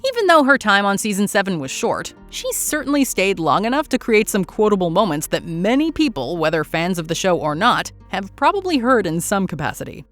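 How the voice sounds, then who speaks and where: A woman's voice: medium pitch, big pitch swings, fairly quick, hardly any pauses, fairly bright tone. A woman reading a scripted countdown voice-over in an upbeat, playful way. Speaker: countdown video narrator. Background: faint background music.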